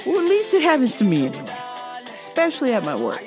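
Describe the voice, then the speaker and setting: A woman's voice: fairly high pitch, fast, music in the background. A woman vlogger delivering a profane comedic rant, acting out dialogue as she tells a story. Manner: profane, animated, acts out dialogue.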